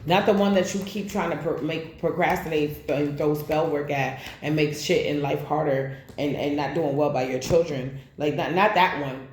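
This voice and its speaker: A woman's voice: deep voice, fairly even intonation, moderate pace, few pauses. A woman giving a casual tarot reading, calling out cards and talking bluntly, with frequent swearing. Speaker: tarot reader. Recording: roomy echo with faint background noise.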